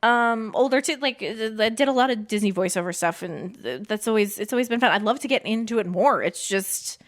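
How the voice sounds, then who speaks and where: A woman guest in casual chat, a quick, laughing storyteller who acts out the people she quotes. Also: on the high side, animated. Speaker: podcast guest.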